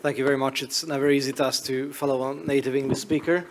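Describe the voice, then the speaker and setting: A man with a Hungarian accent, a media regulator giving a conference presentation in a hall, pausing often on fillers as he speaks in English. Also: medium pitch, flat delivery, a little hiss or hum. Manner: hesitant, frequent uh fillers.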